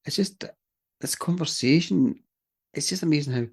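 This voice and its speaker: A man co-hosting a podcast in a relaxed, wry, casual way. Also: fairly high pitch, moderate pace, creaky, slightly rough. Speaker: podcast co-host. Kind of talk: casual chat.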